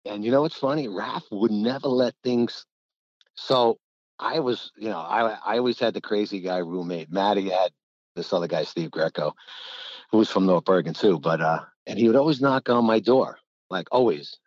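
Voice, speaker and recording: Casually rambling through his anecdotes, the middle-aged ex-college basketball player laughs a lot and acts out quoted lines. The lowish, darkish voice keeps a moderate pace, and the dull lo-fi recording is dry with no echo.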